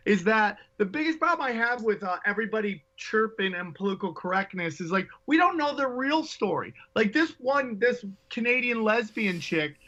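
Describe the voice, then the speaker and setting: High-voiced ranting man, lo-fi. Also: lively intonation, moderate pace, hardly any pauses, pushed and bright. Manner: rambling, profane, ranting. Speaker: podcast guest, stand-up comic. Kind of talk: casual podcast chat.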